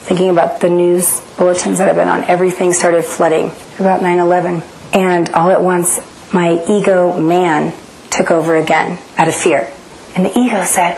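A woman's voice: on the low side, level tone, normal speed, gravelly, darkish tone, a little hiss or hum, low-quality recording. A middle-aged woman from the United States, giving a personal testimony in an earnest, dramatic storytelling manner. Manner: earnest, dramatic retelling that acts out inner voices.

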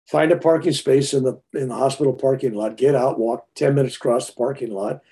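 A man in his seventies telling a personal story in a rambling, animated way, often restarting his sentences. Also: mid-range voice, brisk. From United States.

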